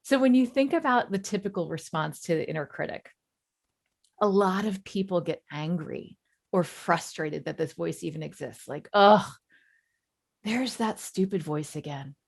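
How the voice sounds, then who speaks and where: A woman in her forties, a coach giving a webinar talk in a warm, reassuring, conversational way. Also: on the low side, moderate pace, vocal fry. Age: 40s.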